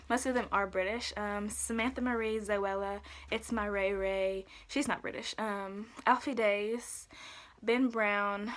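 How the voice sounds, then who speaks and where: A young adult woman vlogger talking casually and quickly to camera, upbeat and full of fillers. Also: medium pitch, fairly bright tone.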